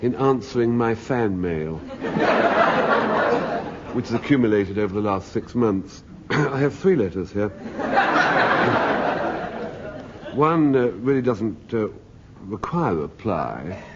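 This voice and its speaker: A man's voice: lowish voice, animated, takes it slowly, pauses often. A middle-aged man telling a wry, droll comic anecdote as a panelist on a radio panel show. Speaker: comedy panelist. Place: radio studio with audience. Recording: dull 1970s radio broadcast with faint hiss.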